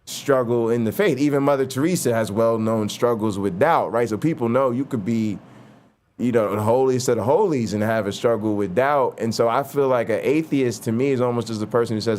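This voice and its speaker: A man hosting a casual conversation who tells animated stories and says "like" and "you know" a lot. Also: medium pitch, a little fast. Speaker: host.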